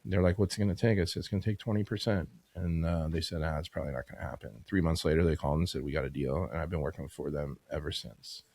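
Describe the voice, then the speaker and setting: Fast, gravelly-voiced man in his fifties. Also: very deep voice, a little mellow, dry recording. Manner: rambling, filler-heavy, \"you know\" and \"like\". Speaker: podcast guest, business owner. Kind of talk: casual storytelling interview.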